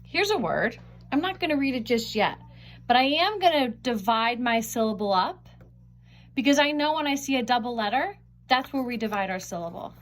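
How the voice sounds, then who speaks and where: A woman teaching a phonics lesson, sounding out words slowly and carefully on a webcam microphone. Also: on the high side, lively intonation.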